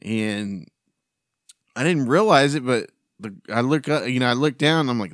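Man, podcast host, casual storytelling, rambling, restarts, swears, mid pitch, dry close mic. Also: lively intonation, moderate pace, no room sound.

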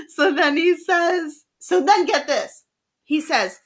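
A woman's voice: high-pitched, animated, extremely slow, long pauses. A woman hosting a podcast in casual chat, animatedly acting out a text exchange. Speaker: podcast host. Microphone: studio mic.

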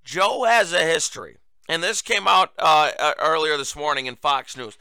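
Indignant male host, tense crisp voice. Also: a little high, moderate pace, bright, forceful tone, no echo. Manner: indignant and sarcastic. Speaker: talk show host. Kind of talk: political commentary.

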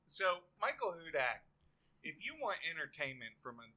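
A man's voice: on the high side, normal speed. A man co-hosting a casual podcast chat, telling stories and mimicking people. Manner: animated storyteller, mimics people. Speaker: podcast co-host.

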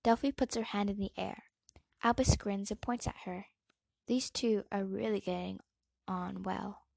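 A woman reading a play aloud, narrating the stage directions in a lively storytelling manner. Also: medium pitch, a little slow, vocal fry, dry recording. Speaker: reader.

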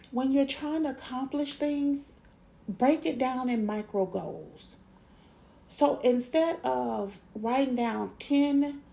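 Woman, gravelly voice, mellow tone, slow unhurried delivery, encouraging podcast host. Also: high voice. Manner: encouraging, affirmations repeated slowly. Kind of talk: motivational podcast talk.

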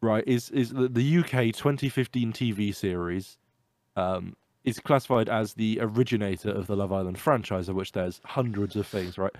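Podcast co-host, low voice, feeling ill, earnest explainer, dry close sound. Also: male voice, steady tone, normal speed, a little mellow, no room sound. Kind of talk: casual chat.

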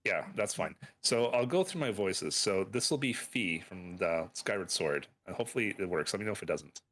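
Low-voiced man rambling on a call. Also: expressive, normal speed, fairly bright tone, no echo. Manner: rambling, trails off and corrects himself. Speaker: podcast co-host. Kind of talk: casual chat. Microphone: online voice call.

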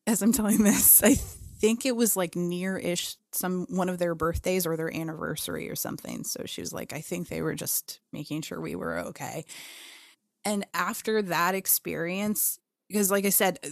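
A young woman tells a personal ghost story in a relaxed, chatty way. She swears easily and slips into little voices for the people she quotes. The sound is close and dry, with no room around her. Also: lowish voice, no echo. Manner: animated, swears freely, acts out quotes. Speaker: podcast co-host. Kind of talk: casual storytelling.

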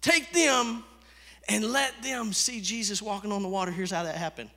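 Casting: male pastor preaching, very bright, ringing voice, long hall reverb. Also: high voice, normal speed, vocal fry. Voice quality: conversational, swings from hushed to loud. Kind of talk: sermon.

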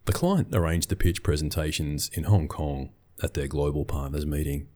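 A man's voice: rumbling low, normal speed, a little mellow. A middle-aged man, telling a scripted business story in a dry, wry way. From Australia.

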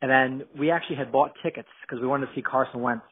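A man's voice: mid-range voice, fairly even intonation, quick pace. A man from New Jersey, a guest in casual podcast chat, rambling with lots of fillers and restarts. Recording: narrow phone-like sound.

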